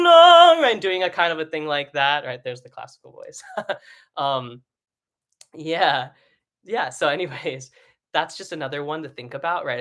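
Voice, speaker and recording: Here a man runs a live online singing lesson, chatting in a relaxed way and often tacking on "right?" Every so often he breaks into short sung vowels that leap up into a high head voice.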